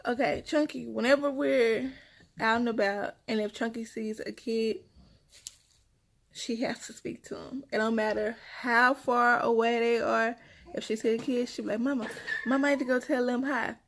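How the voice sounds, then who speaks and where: A young woman and mother, casually telling her viewers a story in a chatty, animated way and repeating her phrases as she goes. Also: fairly high pitch, normal speed, vocal fry. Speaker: mother vlogging about her kids.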